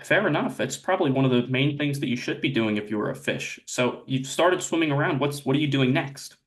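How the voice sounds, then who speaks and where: A young man with a mid-pitched voice plays the interviewer, asking his questions slowly and earnestly. His mock-serious tone never cracks. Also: animated.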